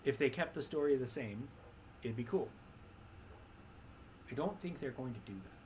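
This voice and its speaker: A man's voice: mid-range voice, animated, moderate pace, a little mellow. A young man talking casually on his stream, wry and rambling, often restarting his sentences. His voice sits in an ordinary middle range. A faint hiss runs under the recording. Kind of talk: casual chat.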